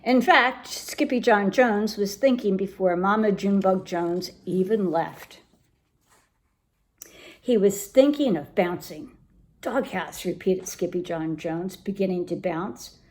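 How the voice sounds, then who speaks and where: A woman reads a children's picture book aloud, telling the story in a lively, expressive way. Her pitch sits in the middle, and she keeps a measured pace.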